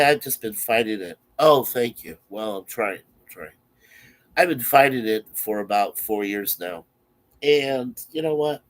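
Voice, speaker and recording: A man who is sick, coughing now and then, chatting casually and in an easygoing, rambling way to his stream viewers from his webcam. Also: lowish voice.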